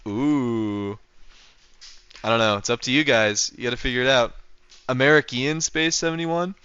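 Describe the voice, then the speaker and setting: A young man streaming a game, bantering with his chat in a bright, smooth voice. He jokes and teases as he answers viewers. The sound is dry and slightly dull, from a home mic. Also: medium pitch, moderate pace, no echo. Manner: joking, teasing, reacting to chat. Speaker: livestreamer. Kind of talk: casual livestream chat while playing.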